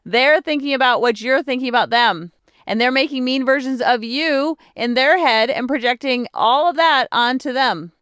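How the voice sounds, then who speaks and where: A woman hosting a podcast, telling a story in a chatty, animated way and acting out her own self-talk. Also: sits high, moderate pace, clear, resonant tone, dry recording, studio quality. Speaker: podcast host. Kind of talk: casual solo podcast talk.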